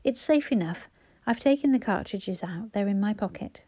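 Woman putting on a gruff grumpy old man. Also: medium pitch, animated, moderate pace, warm tone, no room sound. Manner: gruff, curt.

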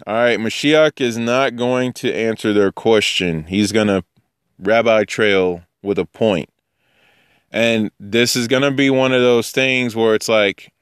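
Man, casual teacher, wanders off topic and acts out other people's lines, clear smooth voice. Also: on the low side, unhurried, no echo, studio quality. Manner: conversational, digressive, acts out quoted speakers. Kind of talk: informal Bible teaching.

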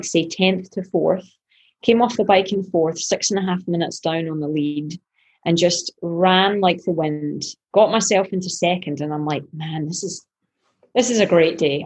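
Casting: lower-pitched husky woman, pro athlete guest, animated storyteller who replays her own thoughts. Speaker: professional triathlete guest. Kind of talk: podcast interview storytelling.

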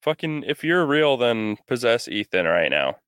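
A man's voice: mid-range voice, sing-song, moderate pace, fairly bright tone, clear, resonant tone, no room sound, studio quality. A young man co-hosting a comedy podcast, blunt and mocking, swearing often. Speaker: podcast co-host. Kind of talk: crude comedy podcast banter.

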